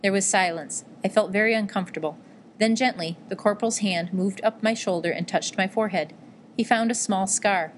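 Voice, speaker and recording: A woman narrating a memoir-style novel in a measured, gentle storytelling manner. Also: mid-range voice, slight background noise. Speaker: audiobook narrator.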